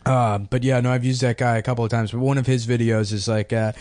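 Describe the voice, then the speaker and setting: A man's voice: mid-range voice, level tone, fast, a little mellow, dry recording. A man hosting a casual comedy podcast, crude and sarcastic, now and then slipping into mocking impressions.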